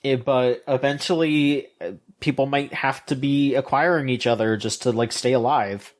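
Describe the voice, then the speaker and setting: A man's voice: medium pitch, steady tone, moderate pace. A man co-hosting a video game podcast, ranting in opinionated casual chat with frequent restarts, fillers and swearing. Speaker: podcast co-host.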